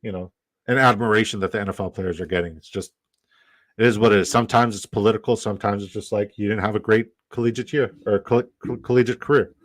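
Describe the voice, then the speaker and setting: A man's voice: on the low side, fairly even intonation, fast, dry recording. A man from Canada hosting a live stream in casual chat, rambling, swearing and repeating himself.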